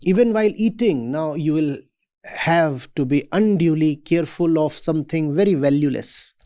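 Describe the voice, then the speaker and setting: Mellow-voiced man giving a lecture. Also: a little high. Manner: measured, emphatic, asks rhetorical questions. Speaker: spiritual teacher. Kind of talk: lecture to students. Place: university event hall.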